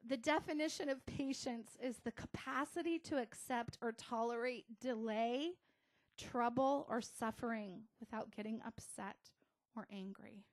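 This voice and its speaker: A middle-aged American woman pastor giving a casual, conversational sermon with soft asides. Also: a little high, unhurried.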